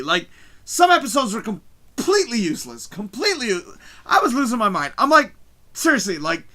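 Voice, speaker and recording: A man hosting a live stream from his home, ranting excitedly about a show, swearing constantly and shouting at the big moments, his mic distorting when he gets loud. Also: high-pitched, a little fast. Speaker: livestream host. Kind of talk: excited live review rant. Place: home room, early morning.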